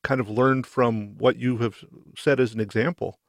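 A man interviewing guests, asking gentle follow-up questions. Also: mid-range voice, steady tone, moderate pace, no room sound, studio quality. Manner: brief affirmations, gentle questions.

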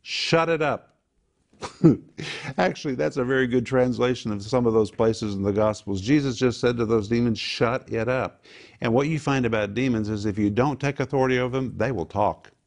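A male preacher delivers a sermon in a lively, emphatic style, firing rhetorical questions at the congregation and answering them himself. His voice sits at a middle pitch, rising sharply for emphasis and dropping low for weight. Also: brisk.

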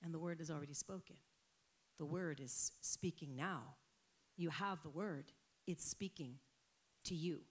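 A woman's voice: low voice, measured pace, long pauses, husky. Passionate woman preaching a sermon. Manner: passionate preaching that builds to loud emphatic peaks.

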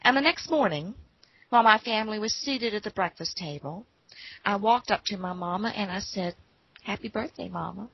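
A woman telling a personal story in an unhurried, folksy way. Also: mid-range voice, muffled recording.

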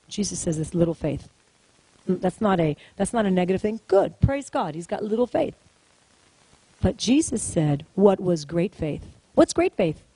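A woman's voice: high voice, no room sound, poor audio. A woman preaching a sermon to a congregation, emphatic and repetitive, calling out to the room and getting them to repeat lines. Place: church service, in front of a congregation.

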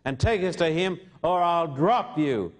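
A man's voice: on the high side, animated, a little slow. A man preaching a sermon voices a cruel male persecutor who threatens and makes demands of a boy. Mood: menacing.

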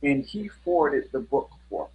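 A man's voice: mid-range voice, big pitch swings, measured pace, highs cut off. A middle-aged man, a guest musician, telling stories in a casual interview with an earnest manner and many fillers.

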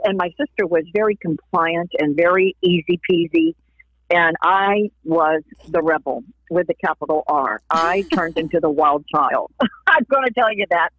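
She's a singer and evangelist from Florida, USA, telling her faith story on an interview show in a fairly low voice with lively intonation at a moderate pace. Laughing often, she plays out the voices of people she quotes. Her tinny phone-line audio sounds dry and close, with no echo.

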